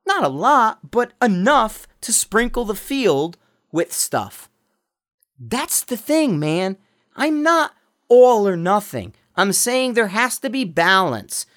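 A man's voice: high voice, a bit bright. Blunt profane man ranting. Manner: blunt, profane, heated ranting with frequent restarts. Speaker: podcast host. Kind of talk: casual ranting monologue. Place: walking outdoors around a neighborhood.

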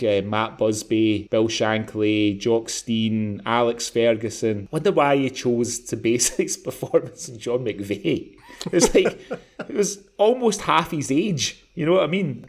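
A man's voice: medium pitch, a little mellow. Rambling, chuckling Scottish man. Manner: rambling, laughing often, self-correcting. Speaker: podcast co-host. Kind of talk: casual chat.

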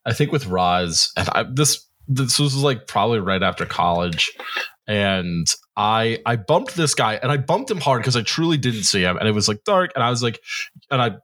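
Animated man in his thirties telling stories. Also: medium pitch, moderate pace. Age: 30s. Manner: animated storyteller, acts out quotes, swears freely. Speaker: podcast co-host. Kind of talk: casual storytelling chat.

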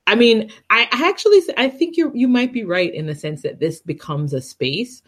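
A woman's voice: on the high side, expressive, normal speed, fairly bright tone, breathy edge. A woman co-hosting a podcast, talking in a thoughtful, hedging way with easy laughter. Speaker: podcast co-host. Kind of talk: casual chat.

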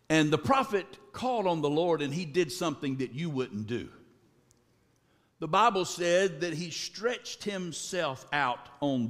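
A man preaching a sermon dramatically, swinging between shouted lines and low, drawn-out words. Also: animated, in a large hall.

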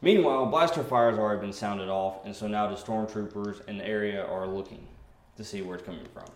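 Low-voiced man narrating as game master. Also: fairly quick. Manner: animated narration with laughs and sound effects. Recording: roomy with faint noise.

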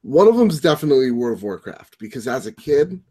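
A man's voice: mid-range voice, sing-song, fairly quick, dark tone, breathy edge. A young man co-hosting a gaming podcast, easygoing and agreeable in casual chat. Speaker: podcast co-host.

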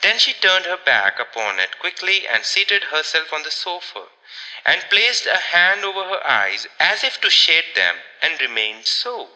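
Man reading a story out loud, lively pitch, bright voice, echoey. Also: a little slow. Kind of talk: audiobook narration.

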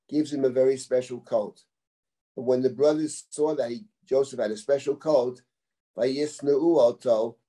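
A middle-aged man with a dark, mellow voice teaches a live Bible class as a rabbi. He works through the text verse by verse, quotes Hebrew lines, and repeats words as he thinks aloud. He is picked up from a distance in a classroom. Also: medium pitch. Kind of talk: live text-study lecture.

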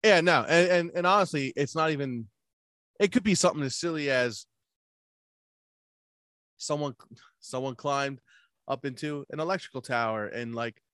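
A man telling stories in a casual chat, animated, swearing a lot and laughing often. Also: a little high, moderate pace, pauses often, clear, resonant tone, dry recording, studio quality. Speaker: podcast co-host.

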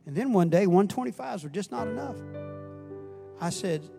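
An older man giving a passionate sermon as guest preacher, rising in volume and dropping back to quiet questions. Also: high-pitched, animated, normal speed, creaky. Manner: passionate, builds in volume, then drops to questions. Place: church. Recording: music playing underneath.

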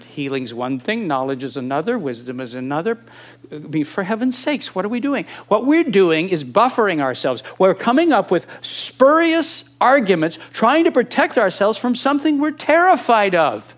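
A man in his sixties preaching a sermon, animated and emphatic, firing off rhetorical questions. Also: sits high. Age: 60s.

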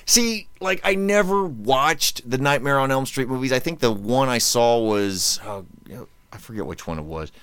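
A man hosting a podcast in casual, joking chat, animated and quick to ham up lines. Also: medium pitch, clear, resonant tone, no echo. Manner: animated, joking, reads quotes in mock-dramatic tones. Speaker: podcast host.

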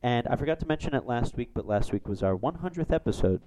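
A mid-pitched man hosts a casual sports podcast, wandering through team history and stats in a loose, rambling way. His voice gets excited when a big play happens. A faint noise sits under the recording. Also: fast talker, low-quality recording. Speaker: podcast host.

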